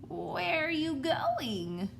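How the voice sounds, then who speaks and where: A hungry, sneaky wolf from a storybook growls out his words slowly and slyly, put on by a woman reading aloud. His voice swoops around as he coaxes. Faint room sound hums behind him. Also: high-pitched, huge pitch swings, creaky, reverberant, a little hiss or hum, voice pushed up, exaggerated voice. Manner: growly, sly. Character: sneaky hungry male big bad wolf.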